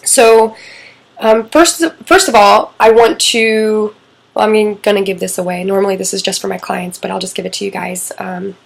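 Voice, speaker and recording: A woman's voice: mid-range voice, fairly even intonation, moderate pace, gravelly, low-quality recording. A middle-aged woman coaching on relationships in a casual, candid talk, swearing freely and acting out quoted lines.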